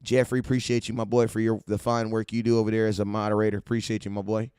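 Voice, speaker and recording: A man from California hosting a casual fan-show livestream, hyped and slangy as he shouts out his viewers. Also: fairly low pitch, little pitch movement, fast talker, clean tone, dry recording, studio quality. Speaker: livestream host.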